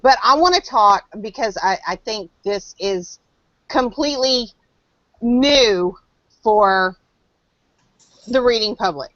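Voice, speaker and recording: A woman's voice: fairly high pitch, expressive, takes it slowly, pauses often, a bit bright, no room sound. A woman hosting a podcast, chatting casually in a blunt, profane way and laughing often. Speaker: podcast host. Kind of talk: casual interview chat. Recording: dry, dull lo-fi podcast audio.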